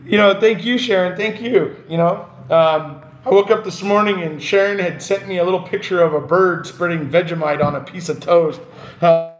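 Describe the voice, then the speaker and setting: A man's voice: sits high, normal speed. Passionate, laughing man on a live stream. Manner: passionate, ranting, laughs often. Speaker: livestream host. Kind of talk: casual live stream chat. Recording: roomy echo.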